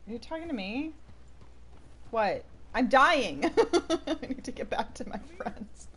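A woman's voice: high voice, expressive, slow pace, fairly bright tone. A young woman streaming a game, chatting casually and laughing often with her viewers. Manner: chatty, laughs often, jokey asides to chat. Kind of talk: casual gameplay commentary.

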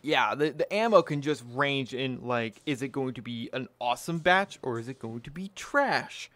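A man's voice: medium pitch, lively intonation, normal speed, a bit bright, no echo. A man hosting his own firearms channel, talking casually and bluntly to camera, swearing freely and pleased with himself. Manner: blunt, profane, self-satisfied.

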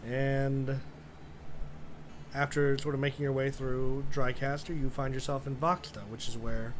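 A man's voice: mid-range voice, background noise. Laid-back male game master. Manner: relaxed, casual with fillers. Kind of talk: narrating a tabletop game.

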